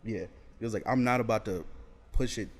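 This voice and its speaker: A young man talking casually as a podcast guest, relaxed and laughing as he acts out his friends. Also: on the low side, brisk. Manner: laid-back, animated when quoting friends. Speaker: podcast guest, comedy video creator. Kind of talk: casual chat.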